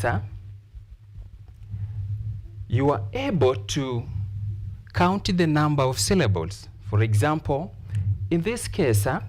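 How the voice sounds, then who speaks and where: Slow, lively-pitched male teacher. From Kenya. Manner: deliberate explaining with repeated examples and frequent "uh" fillers. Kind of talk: televised classroom lesson.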